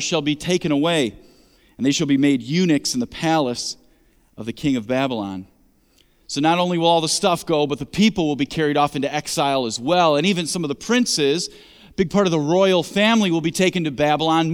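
Male pastor preaching, emphatic, a little high, long church-hall reverb. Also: clean tone. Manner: emphatic, conversational preaching with rhetorical questions. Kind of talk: sermon.

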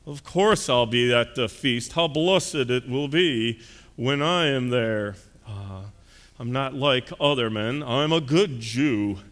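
Man doing a smug rich pharisee, clenched-teeth drawl, upper-crust, bright tone, echoey hall. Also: medium pitch, slow. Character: smug rich male Pharisee, self-assured and snooty.

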